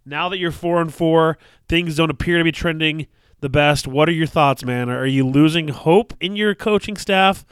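A man's voice: fairly high pitch, normal speed, a bit bright, smooth, no echo. A man co-hosting a casual podcast, teasing his partner and telling stories from his youth. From Alaska. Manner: teasing, bantering. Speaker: podcast co-host.

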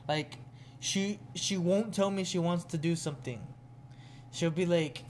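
Young guy with a high voice, loose and profane, swapping stories with a friend. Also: unhurried, slight background noise. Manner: animated storytelling, heavy swearing. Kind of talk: casual chat.

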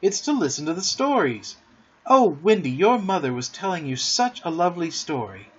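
A man's voice: high-pitched, big pitch swings, normal speed, fairly bright tone, slightly rough, pitched above the performer's own voice, heavily acted. A man doing a sly, coaxing boy. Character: boastful cunning young boy. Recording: dull lo-fi audiobook recording.

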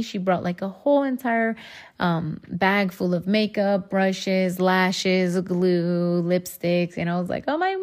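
A woman's voice: mid-range voice, darkish tone. A woman hosting her own podcast, talking candidly and rambling, swearing freely and calling her listeners y'all. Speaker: podcast host. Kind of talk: casual solo podcast monologue.

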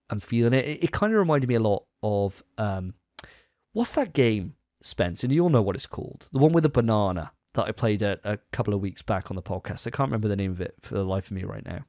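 A man's voice: on the low side, a little mellow, dry recording, clean studio sound. A man co-hosting a gaming podcast, chatting casually and rambling with restarts. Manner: chatty, rambling, self-correcting. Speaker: podcast co-host. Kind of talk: casual chat.

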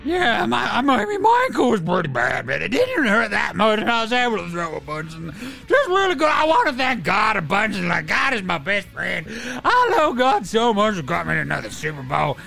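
A loud, giddy star quarterback gushes with a high, bouncing voice, as a man puts him on. His pitch leaps and swoops with boyish excitement. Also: normal speed, gravelly, hardly any pauses, faint music behind, heavily acted. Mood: gushing. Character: cheery pro quarterback man, gushing and upbeat.

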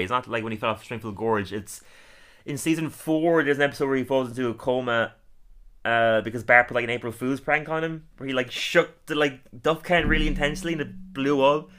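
Man, podcast host, casual chat, bright tone, laughs a lot, acts out quotes. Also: mid-range voice, fairly quick. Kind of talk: casual chat recapping a cartoon episode.

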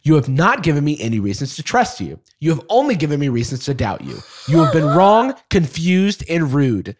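Man voicing a stubborn chatbot, husky, very lively pitch, politely insistent. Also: normal speed. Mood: assertive. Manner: polite phrasing with mounting insistence, read aloud. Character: stubborn, passive-aggressive male chatbot. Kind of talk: dramatic reading of a chat log.

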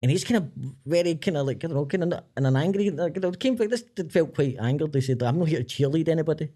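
Scottish guy, talks fast and kinda high, rambly and excitable. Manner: excitable, rambling, quick to laugh along. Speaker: podcast guest. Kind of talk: casual chat.

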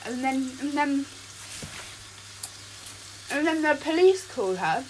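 A woman's voice: high voice, animated, slow, low-quality recording. A young woman telling a long made-up love story in casual chat, rambling with lots of fillers, recorded while cooking in a kitchen. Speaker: podcast co-host. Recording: kitchen noise, frying sizzle.

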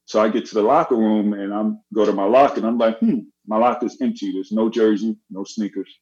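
Animated storytelling man, dull audio. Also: fairly low pitch, fairly quick. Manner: animated, acts out quoted voices. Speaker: guest. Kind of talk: casual storytelling.

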